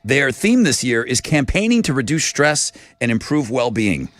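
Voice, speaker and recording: A man's voice: mid-range voice, sing-song, moderate pace, no room sound. A man hosting a morning radio show, joking with co-hosts in a studio and doing live ad reads.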